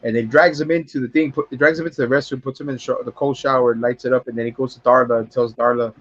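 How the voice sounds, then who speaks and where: A man's voice: fairly even intonation, fast talker, fairly bright tone. Man, podcast co-host, casual film review, rambling, profane, repeats words, dull lo-fi audio. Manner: rambling, profane, acts out scenes in high voices.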